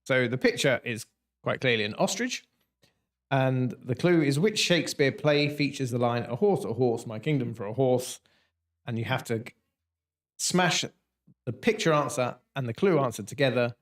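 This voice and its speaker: A man's voice: mid-range voice, lively intonation, normal speed. A man hosting a casual livestream quiz, jokey and punning as he reads out answers. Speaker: quiz host.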